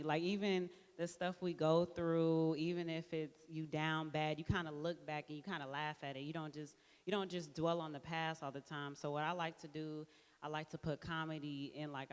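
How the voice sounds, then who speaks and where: A low-voiced woman with a smooth, resonant tone talks casually about her film at a premiere. She sounds relaxed, laughs often and leans on "like." Her voice carries a long hall echo. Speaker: filmmaker answering questions at a premiere. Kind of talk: casual panel talk. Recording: echoey hall.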